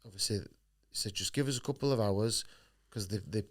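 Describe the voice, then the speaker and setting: Talking a little fast in a voice on the low side, a professional boxer shares his story in a podcast interview. He's blunt and profane, acting out what people said along the way.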